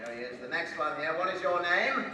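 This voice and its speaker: Guy hosting a stage show, high bouncy voice, all hammy and mock-posh, echoey hall heard from far off with crowd noise. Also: lively intonation, fairly quick, bright, forceful tone. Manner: theatrical, mock-pompous, playful. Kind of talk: live comedic stage hosting. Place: large hall with a live audience.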